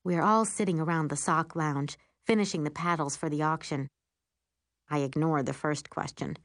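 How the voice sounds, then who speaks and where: A woman narrating a first-person children's story in an expressive, animated way. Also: low voice, moderate pace, no echo, studio quality. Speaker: audiobook narrator.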